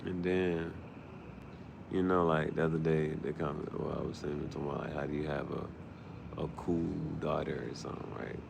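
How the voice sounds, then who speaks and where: A man's voice: very deep voice, flat delivery, moderate pace, gravelly, noisy background. A man, rambling in a loose, joking monologue and often laughing. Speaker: vlogger.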